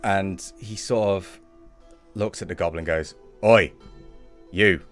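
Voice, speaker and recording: A man's voice: deep voice, fairly even intonation, normal speed, soft background music. A man narrating a tabletop game as game master in loose, chatty speech.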